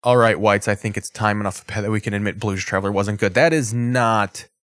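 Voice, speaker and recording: A man's voice: lowish voice, a little fast, a bit bright, dry recording. A man hosting a show, chatting casually and sarcastically with frequent swearing while reacting to a live game. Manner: loose, sarcastic, swears often. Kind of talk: casual profane commentary.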